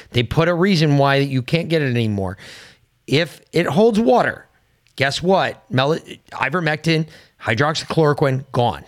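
Man, blunt, swears a lot, argumentative podcast chat, fairly high pitch. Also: lively intonation, moderate pace. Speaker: podcast co-host.

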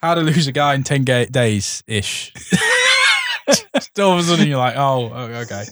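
Joking man, lively pitch. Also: normal speed, shouting, noisy background. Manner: joking, pun-making, laughs often. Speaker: podcast co-host. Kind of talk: casual comedic chat.

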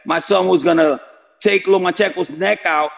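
A man's voice: high-pitched, fairly even intonation, normal speed, gravelly, long reverb tail, muffled recording. A man who trains a boxer, speaking brashly and confidently in a casual interview, swearing and calling the host "bro.". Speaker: boxing trainer and father of a fighter.

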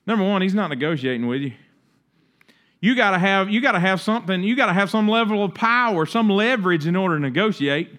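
A middle-aged man preaching a sermon with a high-pitched voice. He talks to the congregation casually and slips into the voices of the people he describes. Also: expressive, fast, a bit bright. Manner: conversational preaching, acts out quoted voices. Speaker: pastor.

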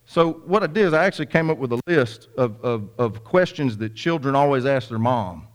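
A man's voice: mid-range voice, animated, brisk, few pauses. A young man preaching a sermon, telling a folksy story with many repeats and asides to the congregation. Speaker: pastor.

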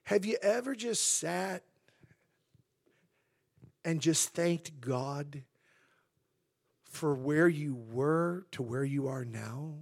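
A male pastor preaching a sermon, rising loud and high for emphasis and then dropping to a hush. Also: extremely slow, vocal fry, long pauses. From Southern California. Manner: swells loud and high for emphasis, then drops to hushed tones.

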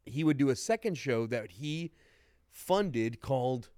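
A man's voice: mid-range voice, animated, measured pace, darkish tone, clear, resonant tone, no echo, clean studio sound. A man in his forties from Tampa, co-hosting a podcast and telling a rambling, profane story in casual chat. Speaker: podcast co-host.

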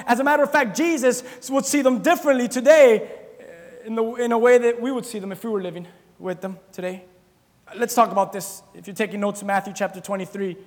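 A man preaching a sermon to his church, animated and joking, shouting words for emphasis. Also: very high voice. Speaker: pastor. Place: church sanctuary. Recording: long reverb of a church hall.

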